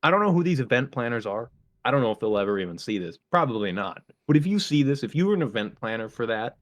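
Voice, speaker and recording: A young man from the American Midwest, co-hosting a casual podcast and ranting in an animated way, with his voice jumping up when he gets worked up. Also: mid-range voice, quick pace. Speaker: podcast co-host. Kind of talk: casual solo podcast chat.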